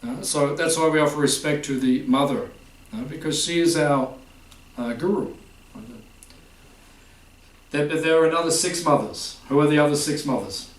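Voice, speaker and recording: A man's voice: on the high side, normal speed. Man preaching in a roomy hall. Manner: chatty, quizzes the audience with repeated "huh?". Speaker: spiritual teacher. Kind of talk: informal spiritual talk to a live audience. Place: festival hall. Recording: roomy hall, distant mic.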